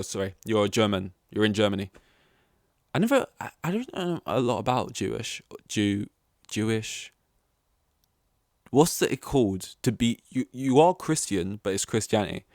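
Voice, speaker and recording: A man's voice: fairly low pitch, no echo, studio quality. A young man hosting a solo podcast, rambling through tangents with many restarts. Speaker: podcast host.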